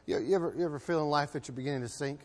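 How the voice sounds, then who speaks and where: High-voiced preacher in an echoing hall. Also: male voice, racing. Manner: emphatic, swings between loud and hushed, repeats words. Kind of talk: sermon. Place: church.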